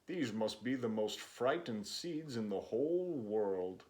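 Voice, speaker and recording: A man voicing Toad, a worried, stubborn male toad in a children's storybook, speaking slowly and plaintively. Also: lowish voice, expressive, a little mellow. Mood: fretful.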